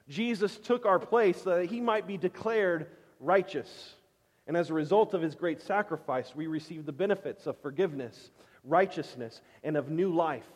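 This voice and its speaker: Emphatic preacher in a reverberant hall. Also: male voice, on the high side. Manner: emphatic preaching, swinging between loud and hushed. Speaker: pastor. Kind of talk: sermon.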